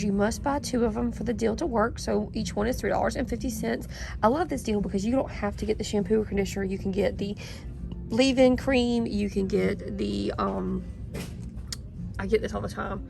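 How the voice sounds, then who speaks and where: A woman's voice: mid-range voice, normal speed, creaky. A woman from South Carolina, a couponing vlogger chatting through coupon math while she shops in a drugstore. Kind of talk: in-store shopping walkthrough. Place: inside a drugstore. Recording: music playing loudly behind.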